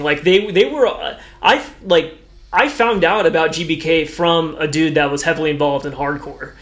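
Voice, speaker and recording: On the high side and fairly bright, this man's voice belongs to a podcast co-host in casual conversation. He rambles, restarting often and filling gaps with fillers.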